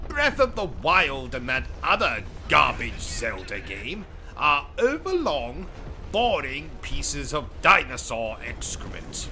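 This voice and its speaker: A man's voice: medium pitch, wildly swooping pitch, takes it slowly, pushed and bright, slight background noise. A British man hosting a gaming livestream, ranting and trading insults in a pompous, over-the-top comic persona. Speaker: gaming channel host. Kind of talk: comedic livestream commentary.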